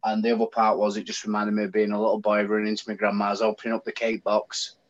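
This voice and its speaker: A man's voice: on the low side, completely flat delivery, quick pace. A middle-aged man, a talkative guest telling stories in a casual live stream chat. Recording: slightly dull lo-fi call audio.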